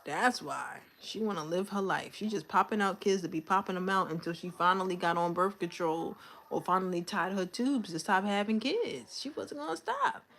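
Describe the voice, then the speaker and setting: A young woman hosts a casual livestream, speaking straight into her phone. She vents candidly in a loose, conversational way, her voice sitting in a middle pitch. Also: lively intonation, normal speed, gravelly, a bit bright. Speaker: livestream host. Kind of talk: casual live-stream chat.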